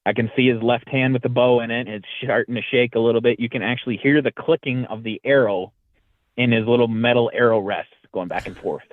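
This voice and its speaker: A man's voice: mid-range voice, a little fast, no echo. A man, a podcast guest, telling a story in a casual way and acting out the lines he quotes. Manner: lively retelling that acts out quoted lines. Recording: dry, tinny phone-like line.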